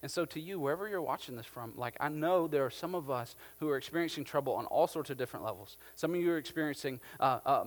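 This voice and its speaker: This pastor's sermon comes across as casual and conversational, full of lively storytelling and the filler "like." He has a fairly high voice that sounds like it's in a big room.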